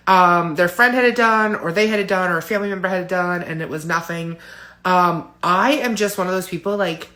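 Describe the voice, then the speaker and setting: A woman in her forties speaks to camera in a personal vlog, candid and emotional, at times tearful, with frequent fillers and small laughs. Her voice is medium in pitch with a fairly bright tone.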